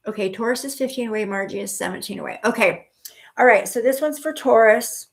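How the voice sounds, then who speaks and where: A middle-aged woman with a high-leaning, fairly quick voice and vocal fry hosts a spiritual-reading live stream. Chatty and prone to restarts and fillers, she calms her viewers by calling them honey and sweetheart.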